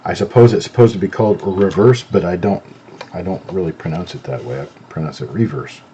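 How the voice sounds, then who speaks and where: Easygoing and in no rush, a middle-aged live-show host looks things over and talks with his viewers. His voice is low, warm and relaxed, with no southern accent, and he isn't from North Carolina; a faint hiss sits under the slightly muffled recording.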